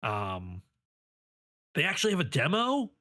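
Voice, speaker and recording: A man's voice: fairly high pitch, wildly swooping pitch, unhurried, sharp tone, no echo, clean studio sound. A man co-hosting a podcast, chatting casually and enthusiastically, cracking jokes. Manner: enthusiastic, jokey. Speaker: podcast co-host. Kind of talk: casual chat.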